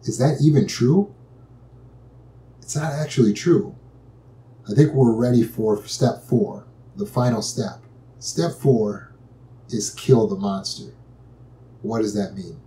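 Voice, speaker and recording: Calm, mellow-voiced man teaching in an echoey room. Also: medium pitch, takes it slowly, long pauses. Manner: calm, patient, explains step by step with repeated phrases. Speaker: anxiety and trauma recovery teacher. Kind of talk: instructional talk.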